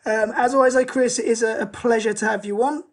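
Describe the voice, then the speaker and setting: A man's voice: extremely high pitch, fairly even intonation, brisk. A man hosting a casual football podcast, introducing guests with chatty fillers. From England. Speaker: podcast host.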